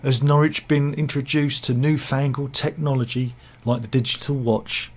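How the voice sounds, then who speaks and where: A man's voice: mid-range voice, little pitch movement, normal speed, hardly any pauses. A man giving casual satirical news commentary, full of wry self-mocking asides and mock-dramatic quips. He talks over pictures he shows. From England.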